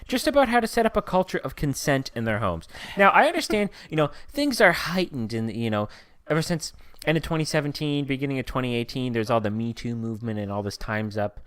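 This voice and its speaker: A man's voice: expressive, fairly quick, fairly bright tone, clear, resonant tone, dry recording, clean studio sound. A man co-hosting a casual podcast chat, joking around with lots of fillers. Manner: jokey, lots of fillers, breaks into silly high voices. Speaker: podcast co-host.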